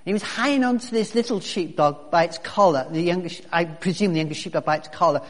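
A high-voiced pastor talks fast while preaching a sermon, chatty and conversational, with many restarts and fillers. The long reverb of a large hall surrounds his voice.

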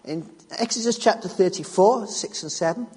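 Husky-voiced man preaching in a hall. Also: high voice, normal speed, a little mellow. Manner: emphatic, repeats key phrases, restarts mid-sentence. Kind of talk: sermon teaching on scripture. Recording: long reverb of a large hall.

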